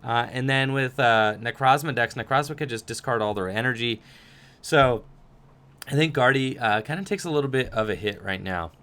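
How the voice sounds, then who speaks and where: A man's voice: medium pitch, moderate pace, a bit bright, smooth. A young man hosting a livestream Q&A, reading viewer questions aloud and answering casually with lots of fillers. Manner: chatty, reads chat questions aloud, many fillers.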